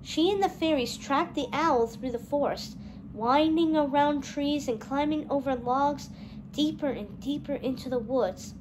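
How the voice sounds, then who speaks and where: A woman reading a children's storybook aloud, gentle and expressive. Her voice sits high. Faint noise runs under the reading. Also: unhurried.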